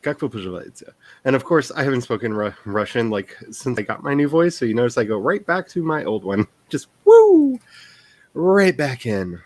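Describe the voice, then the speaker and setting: A man's voice: medium pitch, lively intonation, fairly quick, hardly any pauses. A man who writes books, hosting a casual stream chat in a rambling, self-deprecating way and laughing often.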